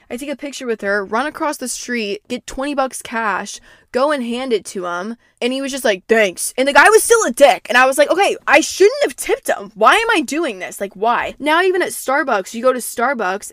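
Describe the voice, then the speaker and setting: A young woman hosting a podcast, telling stories in a casual, animated way, swearing freely and saying "like" constantly, and calling herself dramatic. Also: on the high side, dry recording, clean studio sound. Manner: self-described dramatic. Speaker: podcast host. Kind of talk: casual storytelling monologue.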